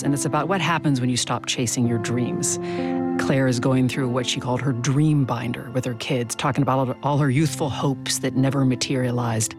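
Measured woman radio interviewer. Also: extremely low pitch. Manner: measured, curious, reads quotes aloud. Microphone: studio mic.

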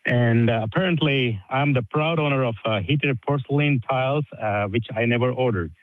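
A man's voice: mid-range voice, moderate pace. Hesitant man calling in over a phone line. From Michigan, USA. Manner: hesitant, many ums and uhs. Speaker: caller. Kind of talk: call-in question on the radio. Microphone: telephone. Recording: tinny phone line, dry.

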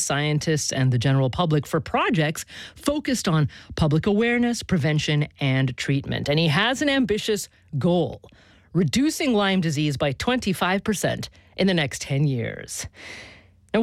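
A woman hosting a public radio interview from a studio, asking measured, probing questions with casual fillers. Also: on the low side, no room sound. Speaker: radio show host. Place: studio in Boston.

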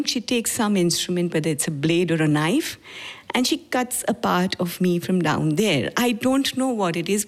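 A woman in her forties with an Indian accent tells a personal story. Her pace is measured and halting, and her tone is grave. Her pitch sits in the middle of the female range. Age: 40s. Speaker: speaker telling a personal story. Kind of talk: personal testimony talk.

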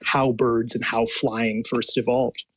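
A man's voice: medium pitch, flat delivery, takes it slowly, slightly rough, no room sound. A man, a paleontologist and professor, answering radio interview questions with enthusiasm and frequent laughs. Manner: enthusiastic, explanatory, laughs often.

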